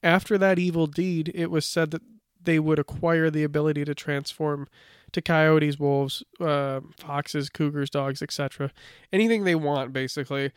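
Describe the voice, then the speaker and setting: A podcast co-host with a fairly high, smooth voice tells lore in a relaxed, chatty way at a moderate pace, reading bits from his notes and using "like" a lot. The sound is clean studio quality with no echo.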